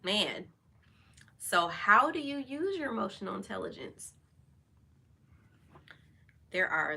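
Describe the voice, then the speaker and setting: A woman's voice: medium pitch, big pitch swings, takes it slowly, gravelly, pauses often, bright, forceful tone. A woman hosting her own vlog, talking candidly and casually about feelings, with lots of fillers. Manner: candid and chatty, many fillers. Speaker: vlog host. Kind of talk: casual personal talk over wine.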